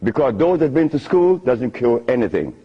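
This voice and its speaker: An older man with a husky voice tells stories to an audience in an animated way, laughing often. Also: medium pitch, moderate pace. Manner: animated, laughs often, sing-song emphasis. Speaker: speaker giving a talk. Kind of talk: storytelling lecture to an audience. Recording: dull lo-fi archive recording.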